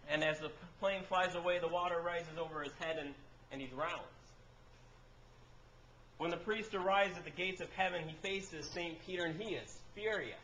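A man's voice: high voice, fairly quick, fairly bright tone. A man preaching a sermon as pastor, telling a story in a conversational way with frequent restarts. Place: church sanctuary. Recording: echoey church room with faint noise.

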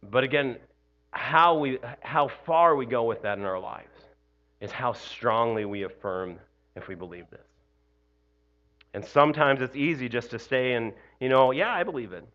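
A man's voice: mid-range voice, lively intonation, measured pace, fairly bright tone, lo-fi sound. A male pastor giving an Easter morning sermon in a loose, conversational way, often adding "you know" and "right?". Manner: conversational, frequent "you know" and "right?", self-deprecating laughs.

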